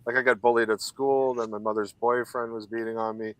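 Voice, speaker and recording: A man on a casual live stream panel chat who talks candidly and haltingly about his life. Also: medium pitch, flat delivery, a bit bright, low-quality recording. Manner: candid, halting personal talk.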